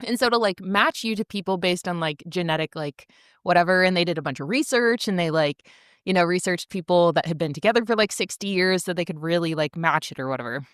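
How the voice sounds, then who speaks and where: A woman's voice: lowish voice, animated, fairly quick, a bit bright, clean tone, no echo, studio quality. A woman co-hosting a podcast, chatting enthusiastically and casually, with lots of filler words. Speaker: podcast co-host. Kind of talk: casual chat.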